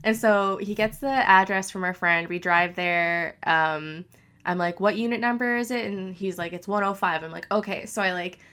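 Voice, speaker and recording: A young woman telling a funny story in casual chat, animated and full of "like". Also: on the low side, normal speed, smooth. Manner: animated, lots of "like".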